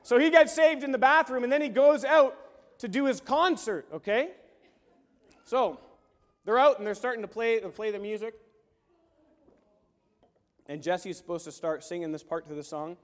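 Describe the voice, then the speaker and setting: Animated preacher man in a reverberant hall. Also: very high voice, moderate pace, pauses often. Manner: animated, swings from hushed to shouting. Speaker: pastor. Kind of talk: sermon with storytelling.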